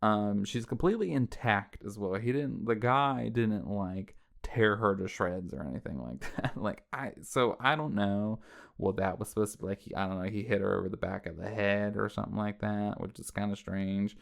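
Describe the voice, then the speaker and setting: A man with a creaky, fairly low voice talks at normal speed as a film commentary host, casually recapping a horror movie scene by scene. He rambles conversationally, using "like" and "right?" often to check in with listeners.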